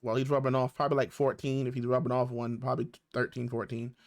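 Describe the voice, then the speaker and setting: A man's voice: medium pitch, little pitch movement, quick pace. A man casually recapping a TV episode, loose and slangy, with lots of fillers and acted-out quotes. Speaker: YouTube reviewer.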